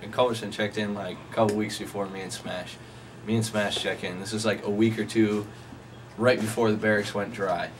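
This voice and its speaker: A young man casually telling a rambling, profane anecdote to friends, often laughing as he talks. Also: fairly low pitch. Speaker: storyteller. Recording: noisy amateur recording.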